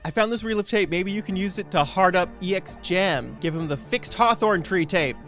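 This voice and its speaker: A woman streamer who plays a game and reads its dialogue aloud in a playful, animated way. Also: lowish voice, moderate pace, faint music behind. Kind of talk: reading game dialogue aloud while playing.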